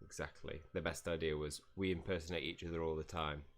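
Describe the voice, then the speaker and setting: A man's voice: extremely low pitch, level tone, fairly quick. A man streaming a game live, chatting casually, reading game dialogue aloud and laughing often. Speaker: gaming streamer. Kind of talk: live gameplay commentary.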